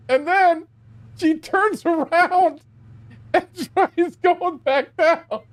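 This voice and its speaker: A man streaming a game spins a long, crude story and keeps breaking into laughter. His voice sits high, and he talks slowly. He drops in frequent oaths and exclamations. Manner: laughing through a rambling anecdote; exclaims often, profane. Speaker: gaming streamer. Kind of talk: casual storytelling while gaming.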